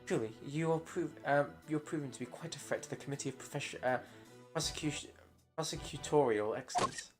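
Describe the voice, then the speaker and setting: Woman reading a cold, haughty official in a low voice; loud game music behind. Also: natural voice. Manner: slow, halting reading with stumbles. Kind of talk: reading game dialogue aloud.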